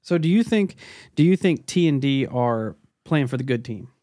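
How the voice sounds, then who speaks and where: A man's voice: mid-range voice, lively intonation, normal speed, mellow, no echo, clean studio sound. A male podcast host chatting casually and reading a listener's story aloud in a laid-back, profane way.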